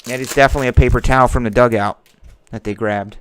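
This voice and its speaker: A man's voice: mid-range voice, steady tone, fast talker, hardly any pauses, a bit bright, smooth, dry recording, studio quality. A man hosting a card-breaking stream, chatting casually and joking as he calls out player names while opening packs.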